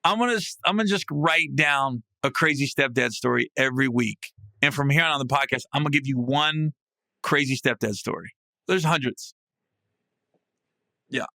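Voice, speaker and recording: A man hosting a podcast, telling a comic story in a casual, salty way, often breaking into loud, high laughing bursts. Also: moderate pace, creaky, dry recording. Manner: animated, swings into loud, high laughing outbursts; salty, casual, swears freely. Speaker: podcast host. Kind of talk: comedic storytelling monologue. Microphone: podcast mic.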